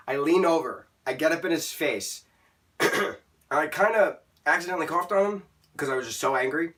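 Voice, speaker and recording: A man's voice: fairly high pitch, lively intonation, brisk, fairly bright tone, recorded from a distance. A young man telling an exasperated story as a movie reviewer in a ranting vlog.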